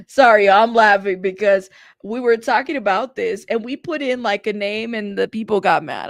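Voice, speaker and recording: Woman host, gravelly fry in her voice, dry close sound, reads transcripts then chats and laughs with viewers. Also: a little high, lively intonation, slow, no room sound. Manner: chatty, laughs often, talks directly to her viewers. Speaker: host of a news commentary channel. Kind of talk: reading court transcripts aloud with casual commentary.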